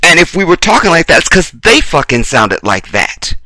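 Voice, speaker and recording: Blunt, profane man ranting, bright and dry. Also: on the high side, big pitch swings, normal speed, dry recording. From United States. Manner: blunt, profane, preachy, repeats phrases for emphasis. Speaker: video commentator. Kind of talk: impassioned commentary rant.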